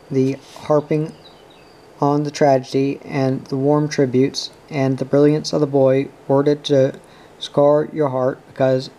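A man reading a novel aloud as an audiobook narrator, in a steady and subdued way. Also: a little high, poor audio. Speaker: audiobook reader.

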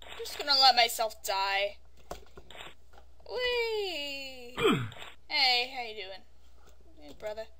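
A woman giving casual let's-play commentary into a desk microphone, chatty and prone to sudden yelps and yelling at the game. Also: a little high, measured pace, pauses often, slight background noise. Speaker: gaming YouTuber.

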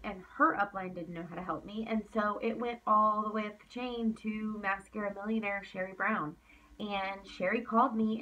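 A woman's voice: medium pitch, recorded from a distance, lo-fi sound. A woman giving a motivational coaching talk to her sales team. She is emphatic, repeats points for effect, and is tired from talking late at night. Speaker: team leader.

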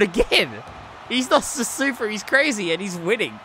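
A man giving live stream commentary on a wrestling video game, excitable, swearing and laughing often, swinging between yelling and muttering. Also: sits high, moderate pace, slight background noise.

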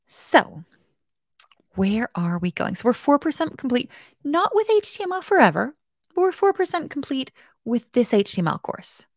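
Lively, gravelly woman hosting a coding class. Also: sits high, moderate pace, no room sound, studio quality. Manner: chatty, playful and self-mocking; talks to chat viewers directly. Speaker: web development bootcamp host. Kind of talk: casual live-stream coding tutorial.

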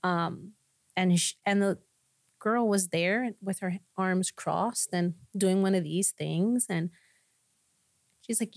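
A woman pastor tells her personal testimony in a podcast conversation, animated and lively as she acts out the people in her story. Her voice sits at an ordinary middle pitch. It comes across close and dry, with no room sound around it. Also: takes it slowly, long pauses, no room sound. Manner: laughs often between lines.

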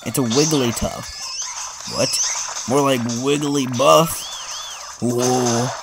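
A casual gameplay commentator, excitable and teasing, joking through the match. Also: mid-range voice, slow, vocal fry, background noise. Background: game music.

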